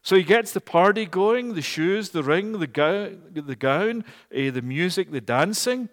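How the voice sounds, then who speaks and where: A man from Scotland, preaching a storytelling sermon, animated and rising to loud emphatic peaks. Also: high-pitched, unhurried. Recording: long hall reverb.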